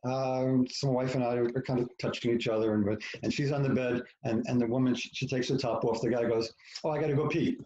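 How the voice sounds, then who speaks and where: A man's voice: mid-range voice, flat delivery, brisk, hardly any pauses, mellow, roomy sound, dull audio, slight background noise. A man talking as a podcast guest, telling a personal story frankly and with profanity, acting out what people said and poking fun at himself. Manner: frank, profane, self-mocking, acts out quoted lines. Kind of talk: candid storytelling in conversation.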